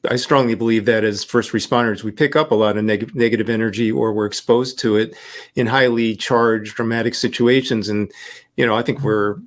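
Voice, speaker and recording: A man hosting a podcast interview, speaking in a measured, affirming way with frequent fillers. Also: on the low side, fairly even intonation. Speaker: podcast host. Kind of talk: interview conversation.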